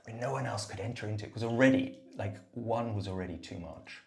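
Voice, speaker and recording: A man recording a rambling, reflective voice note in a bathroom, meandering and self-mocking, sometimes dropping to a soft murmur. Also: lowish voice, fairly quick, creaky, few pauses, roomy sound. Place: bathroom, at the bath. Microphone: phone voice note.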